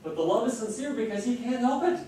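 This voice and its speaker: With an extremely high yet dark-toned voice, a middle-aged man lectures fast and expressively, earnest and impassioned, his pace varying. A distant room mic in the lecture hall makes the recording very echoey.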